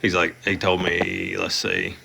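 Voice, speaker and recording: A man's voice: low voice, completely flat delivery, unhurried, gravelly, sharp tone, a little hiss or hum. A man hosting a livestream, talking casually and rambling with frequent fillers and restarts. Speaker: livestream host.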